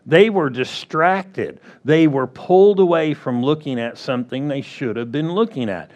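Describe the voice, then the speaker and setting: A man preaching a sermon as pastor, drawing out words and acting out quick playful quotes. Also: on the high side, expressive, darkish tone. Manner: slow, drawn-out delivery with playful acted-out quotes.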